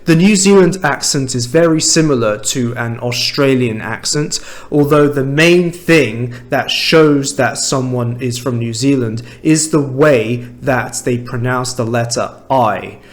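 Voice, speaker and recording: A man from England with a standard southern British accent, explaining clearly and slowly in an English lesson. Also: mid-range voice. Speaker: English teacher. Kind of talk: language lesson to camera.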